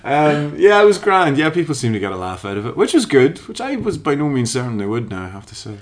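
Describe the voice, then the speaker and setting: A man's voice: a little high, big pitch swings, fast. A young Irish man chatting casually on a podcast, swearing freely and throwing in mock-dramatic asides. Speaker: podcast co-host, stage actor. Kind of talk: casual chat.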